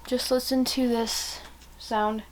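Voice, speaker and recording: A woman's voice: a little high, little pitch movement, takes it slowly, noisy background. A young woman chatting casually in a reading vlog, rambling and gushing with lots of fillers. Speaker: vlogger.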